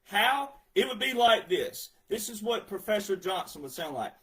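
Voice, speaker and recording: Ranting male commentator, high-pitched, sarcastic, punchy delivery. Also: big pitch swings, moderate pace, few pauses. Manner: emphatic, sarcastic, loud outbursts. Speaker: political commentator. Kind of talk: ranting monologue.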